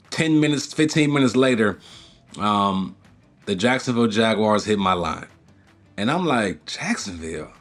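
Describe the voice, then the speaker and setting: A man in his thirties, a former player, telling an animated story in an interview and acting out quotes with laughs. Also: medium pitch.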